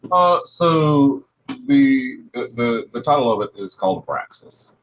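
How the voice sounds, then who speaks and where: A man joining a livestream as a guest, talking slowly and haltingly with many restarts. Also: mid-range voice, animated, fairly bright tone. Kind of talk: casual livestream chat. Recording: dull lo-fi line with faint noise.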